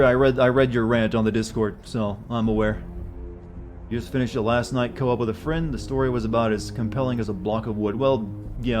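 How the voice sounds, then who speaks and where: A male game streamer talking casually to his chat in a rambling, loose way, swearing freely. His pitch sits at an ordinary middle. Faint music plays underneath. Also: darkish tone. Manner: rambling, profane, answers chat messages.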